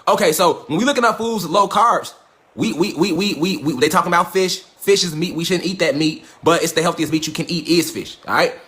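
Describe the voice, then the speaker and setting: Guy ranting on his live, talks fast n cusses a lot, high voice, echoey room. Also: a bit bright. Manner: profane, fast, preachy, mocking impressions. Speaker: livestream host. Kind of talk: casual livestream rant.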